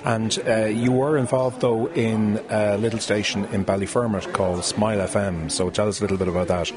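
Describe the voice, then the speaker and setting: A male interviewer with a fairly low voice keeps his questions short and to the point. The chatter of a crowd is clearly heard behind him. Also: fairly even intonation, a little fast. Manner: brief, prompting questions.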